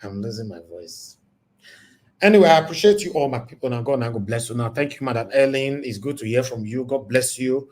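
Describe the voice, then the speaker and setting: A Nigerian man hosting a livestream call-in show, talking in an emphatic, preachy way and repeating himself, his voice going hoarse. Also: mid-range voice, fast talker, few pauses, a little mellow. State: losing his voice. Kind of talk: casual livestream talk with call-ins.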